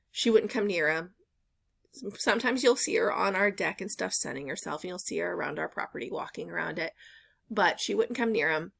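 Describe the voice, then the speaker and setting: Woman vlogger at home, rambly chatty storytelling, lots of ums, kinda gravelly. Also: on the low side, a bit bright. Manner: rambling storytelling with many fillers. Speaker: reseller vlogger. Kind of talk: casual chat.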